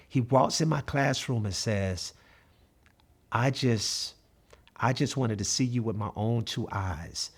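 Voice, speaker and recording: A man in his fifties, a math coach, telling stories in an interview in an earnest way and acting out the dialogue. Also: medium pitch. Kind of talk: interview storytelling.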